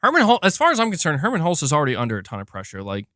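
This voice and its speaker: A man's voice: fairly high pitch, huge pitch swings, very fast, a bit bright, no room sound, clean studio sound. A man hosting a live gaming stream, talking casually and thinking aloud, with lots of restarts and the odd swear.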